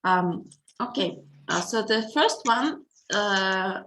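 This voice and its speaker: Slow, patient Russian-accented woman teacher. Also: medium pitch, expressive, background noise. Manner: slow, patient, hesitant with many fillers. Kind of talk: online language lesson. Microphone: video call.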